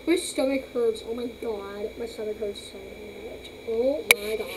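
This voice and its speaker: A woman's voice: fairly high pitch, steady tone, unhurried, heavy background noise. A woman doing a moaning, sick little toy. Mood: miserable. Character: miserable female toy with a stomachache.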